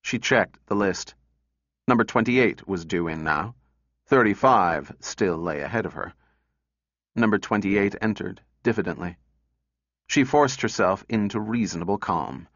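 A man narrating a story in a measured, steady way. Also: sits low, no echo, dull audio. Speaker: audiobook narrator. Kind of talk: scripted narration.

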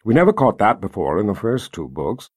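A man's voice: on the low side, wildly swooping pitch, brisk, darkish tone, slightly rough, dry recording, studio quality, pitched below the performer's own voice, heavily acted. A man voicing Sister Amina, an earnest scholar. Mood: puzzled.

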